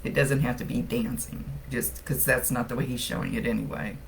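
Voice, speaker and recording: A woman's voice: a bass voice, fairly even intonation, brisk, gravelly, a little hiss or hum. A woman giving a casual live-streamed psychic reading. She chats freely, laughs often and gets teary along the way. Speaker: psychic medium.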